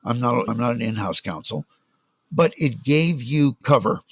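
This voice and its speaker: An older man, a music business guest on a podcast, telling animated stories and acting out the people he quotes. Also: medium pitch, normal speed, breathy edge, no room sound. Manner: animated anecdotes, acts out quoted voices. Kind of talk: storytelling in a casual interview.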